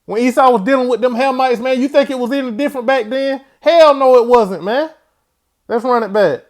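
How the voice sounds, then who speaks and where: Man, high voice, preachy commentary host, keeps saying "man". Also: a little fast. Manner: preachy, ends phrases with "man". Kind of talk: religious commentary.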